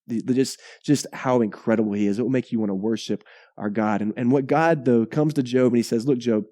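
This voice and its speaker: A male pastor preaching a sermon in a conversational, animated way, often checking in with "right?" and repeating words. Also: medium pitch, a little fast, no echo.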